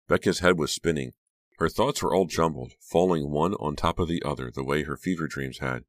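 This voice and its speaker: A man narrating an audiobook chapter in an expressive storytelling manner. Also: very deep voice, moderate pace, dry recording, clean studio sound.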